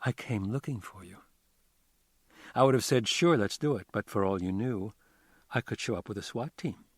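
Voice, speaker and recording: A cool, wry young woman marshal, read by a man in a low, unforced voice. She teases lightly and keeps her composure. The sound is dry and close. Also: animated, normal speed, husky, dry recording. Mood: teasing. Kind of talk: audiobook dialogue.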